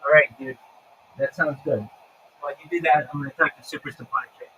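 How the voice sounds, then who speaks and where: A man hosting a livestream, chatting with callers and giving an upbeat, salesman-like pitch about himself, often repeating his phrases. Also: steady tone, brisk, pushed and bright, distant mic, slight background noise, poor audio. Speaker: livestream host. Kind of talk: casual livestream chat with callers.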